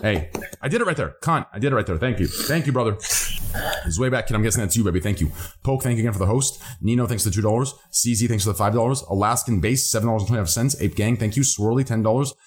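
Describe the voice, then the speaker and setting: A man hosting a livestream, casually reading out donation names and amounts with quick thanks. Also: lowish voice. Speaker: livestream host.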